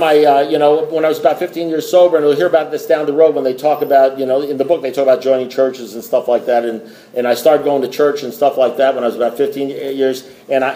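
A man's voice: fairly high pitch, darkish tone, reverberant. A middle-aged man speaking to a recovery meeting, telling a story in a rambling way with restarts and wry asides. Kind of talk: storytelling talk to a group.

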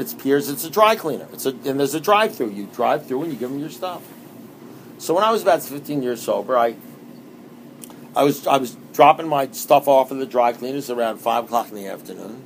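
A man's voice: on the high side, a little hiss or hum. A middle-aged man from New York giving a rambling, conversational personal testimony to a recovery meeting. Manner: rambling and conversational, with many restarts.

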